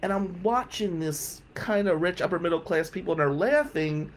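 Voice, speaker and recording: A man's voice: high voice, lively intonation, normal speed, hardly any pauses, a bit bright. A middle-aged man hosting a podcast, candidly telling a personal story with blunt, emphatic phrasing. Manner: candid, emphatic, with some swearing. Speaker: podcast host.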